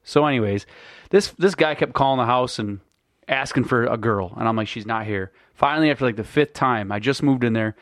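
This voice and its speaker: An excitable man chatting with friends, reacting and telling an old story. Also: mid-range voice, brisk, no room sound. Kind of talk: casual chat.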